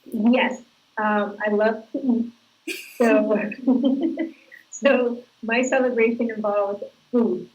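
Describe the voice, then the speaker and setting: A woman's voice: on the high side, fairly even intonation, drawn-out words, darkish tone, lo-fi sound. A woman actress giving casual, chatty interview answers, laughing as she tells stories. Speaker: actress guest.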